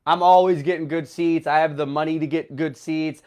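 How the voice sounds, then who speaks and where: A young man tells a personal travel story straight to the camera in a loose, rambling way, stacking fillers as he goes. His voice sits a bit high for a man and sounds slightly tearful, with a runny nose. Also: steady tone, moderate pace, darkish tone. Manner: rambling, filler-heavy, emotional retelling. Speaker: travel vlogger.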